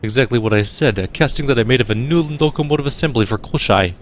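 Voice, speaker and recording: A man voicing a polite, cultured male drone engineer in a video game, speaking in a measured, formal way. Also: medium pitch, faint music behind, close to an everyday voice.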